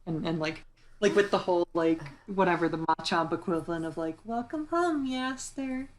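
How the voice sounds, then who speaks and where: A woman's voice: low voice, steady tone, brisk, a little hiss or hum. A young woman co-hosting a casual chat, rambling with many fillers and restarts. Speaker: podcast co-host.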